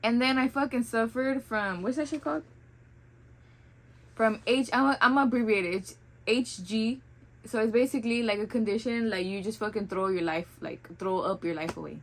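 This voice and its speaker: A woman's voice: fairly high pitch, moderate pace, low-quality recording. A young woman telling her own birth story in a casual, blunt, profane way, slipping into Spanish phrases.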